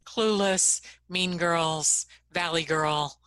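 A woman's voice: lowish voice, fairly even intonation, drawn-out words, fairly bright tone, clean tone. A woman co-hosting a casual chat, speaking enthusiastically and gushing about her favorite things. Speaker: co-host.

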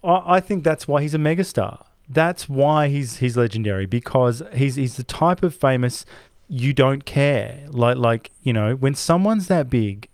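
A man's voice: mid-range voice, unhurried, a little mellow, no echo, clean studio sound. Enthusiastic, swearing male podcast host. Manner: enthusiastic, swears, rambling asides. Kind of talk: casual film chat.

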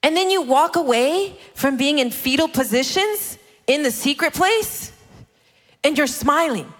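A woman in her thirties preaching a sermon, animated and playful, acting out the voices of the people she quotes. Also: high voice, measured pace. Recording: long hall reverb.

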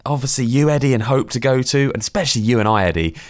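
A man's voice: mid-range voice, expressive, fast talker, dry recording, clean studio sound. A man co-hosting a radio chat, telling rambling, self-deprecating stories full of restarts. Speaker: radio co-host.

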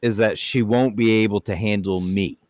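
On clean, dry studio audio, a man co-hosts a podcast, chatting casually in a blunt, crude, joking manner. His voice is fairly low and darkish, with fairly even intonation and a moderate pace.

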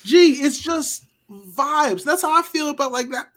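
A man's voice: extremely high pitch, expressive, unhurried, fairly bright tone. A man co-hosting a podcast, talking in emphatic, profane, slangy casual banter. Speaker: podcast co-host.

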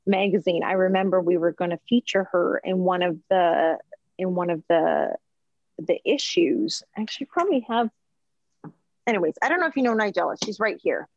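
A woman, a chef and food journalist, chatting as a podcast guest and telling animated stories with plenty of "like" and "um". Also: on the low side, moderate pace, creaky, no room sound, highs cut off. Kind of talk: casual storytelling chat.

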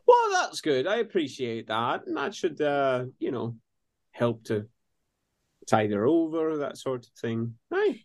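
A man speaking in character in a tabletop game, slow and halting, full of fillers. His pitch swings widely from line to line, and the sound is dry and close. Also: huge pitch swings, dry recording. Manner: hesitant, lots of fillers. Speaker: player.

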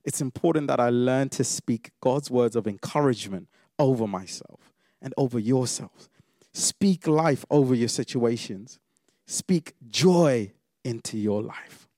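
Gravelly preacher, loud then hushed. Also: male voice, mid-range voice, a little slow, no echo, studio quality. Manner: dynamic, swings from loud exclamations to quiet intimate asides. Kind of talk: sermon.

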